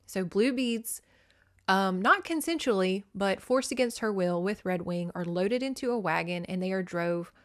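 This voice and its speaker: A woman's voice: mid-range voice, expressive, normal speed, fairly bright tone. A young woman podcast host recapping a novel in a casual, chatty way, swearing often and acting out the characters.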